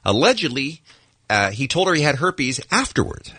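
Lively husky male radio co-host. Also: mid-range voice, no echo. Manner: jokey, storytelling, quick and animated. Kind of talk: morning radio banter.

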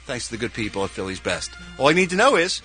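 A man's voice: mid-range voice, sing-song, fast, bright, forceful tone, soft background music. A man from Philadelphia, a regular on a radio morning show, doing a playful live read and hamming up his hometown accent. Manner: playful, hams up a Philly accent for laughs.

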